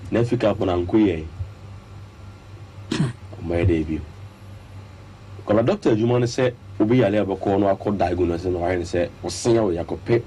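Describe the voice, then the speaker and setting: A deep-voiced man with a Ghanaian accent gives sports analysis on a radio studio broadcast, with a little hiss or hum in the audio. Mixing Twi and English, he is animated and forceful, laying out his points in sequence.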